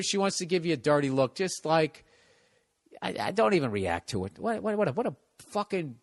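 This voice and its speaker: A man's voice: high-pitched, fairly bright tone. A man hosting a podcast, ranting in a blunt, cynical way, swearing freely and stumbling over restarts. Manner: profane, rambling, stumbles and restarts. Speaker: podcast host. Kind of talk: casual podcast rant.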